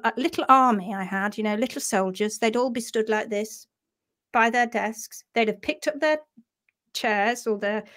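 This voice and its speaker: A woman telling a funny story on a live stream, animated and self-mocking, laughing often. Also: on the high side. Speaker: host of a live horse-care session.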